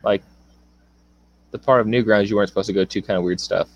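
A man's voice: fairly low pitch, steady tone, fast talker, a little mellow, lo-fi sound. A man co-hosting a podcast, making sarcastic wisecracks in casual chat. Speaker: podcast co-host.

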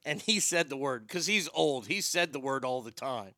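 A man's voice: mid-range voice, expressive, a little slow, bright, forceful tone, dry recording. A male radio host telling personal stories in a rambling, profane, darkly funny way. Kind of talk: casual storytelling monologue.

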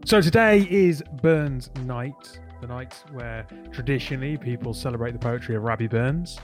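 A man's voice: mid-range voice, moderate pace, soft background music. A man hosting a weekly technology podcast, chatty and jokey in casual banter. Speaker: podcast host. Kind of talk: casual chat.

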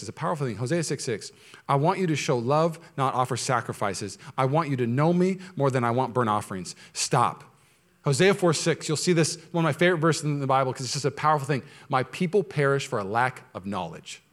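A male pastor preaching a sermon, moving between quiet, low asides and loud, high, impassioned stretches. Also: expressive, quick pace.

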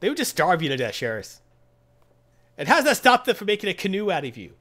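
A man chats his way through a comic book review, with a lively voice that rises and falls a lot. He rambles, doubles back and acts out characters when he tells a joke. His voice sits a little high for a man. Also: quick pace. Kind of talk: casual review chat.

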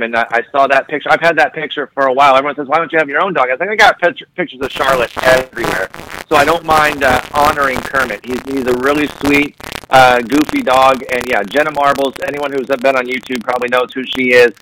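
A man's voice: medium pitch, steady tone, fast, bright, forceful tone, slight background noise, low-quality recording. A man speaking as a guest on a casual podcast, upbeat and laughing as he talks in bursts.

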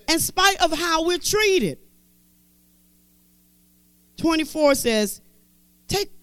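A high-voiced woman preaching a sermon, her pitch swinging widely as she drives each point home. She repeats scripture phrases with emphasis and drops into casual, conversational asides. The sound is dry and close. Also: dry recording. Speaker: Bible teacher.

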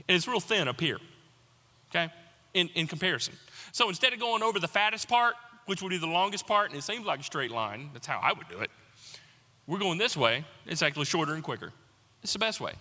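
A man preaching a sermon, telling a personal story with animated mock panic before slowing into an earnest appeal. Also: fairly high pitch, long reverb tail. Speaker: pastor.

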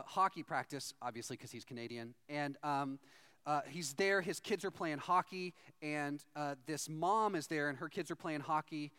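A male pastor with a fairly high voice, preaching in a loose, conversational way. He tells stories with animated energy, slipping easily between teaching points and anecdotes. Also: clean tone. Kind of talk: sermon.

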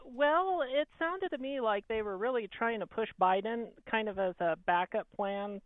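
A man's voice: high voice, normal speed, dry recording. Hesitant male caller on a tinny phone line. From Colorado. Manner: casual, a bit hesitant. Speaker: radio caller. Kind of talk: phone-in call.

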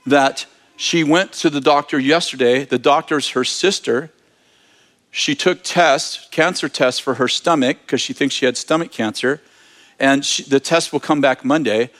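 A man telling a lively story in a sermon, laughing as he talks. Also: a little high, a little slow.

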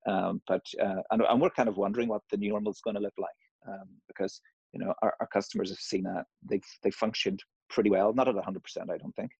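A middle-aged man with a Northern Irish accent softened by years in America, his voice very low and gravelly with a husky edge. He talks in a casual, hesitant way, full of fillers and restarts. The sound is dry and close. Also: fairly even intonation, fast, dry recording, muffled recording. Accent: Northern Irish, slightly Americanized. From Northern Ireland. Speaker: interviewee. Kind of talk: casual interview conversation.

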